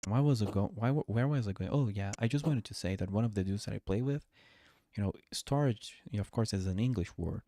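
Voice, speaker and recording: Faint game music sits under this lowish, mellow male voice, which moves fairly quickly with no echo. He's a Portuguese-speaking streamer from Brazil, drowsily chatting through his gameplay and breaking off his own sentences.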